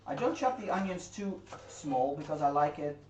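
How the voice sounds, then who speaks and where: A livestream co-host chats easily while cooking in her home kitchen, reading viewer messages aloud and laughing readily. Her low, expressive, darkish voice moves at a moderate pace, picked up by a distant room mic so it sounds far off and echoey. Pots, dishes and drawers clatter clearly behind her, over a little hiss or hum.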